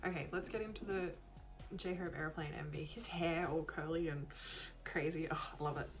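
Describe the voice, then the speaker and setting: A woman filming a casual reaction video, gushing and excitable, often joking at her own expense. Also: low voice, normal speed. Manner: gushing, excitable, self-mocking. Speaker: YouTube reactor. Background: faint music from the video she is watching.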